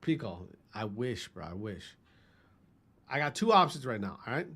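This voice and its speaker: A man's voice: fairly low pitch, very animated, normal speed, fairly bright tone, slightly rough. A man in his thirties from Wisconsin, a gaming streamer chatting casually and profanely with his live chat, greeting viewers by name. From Wisconsin, US Midwest.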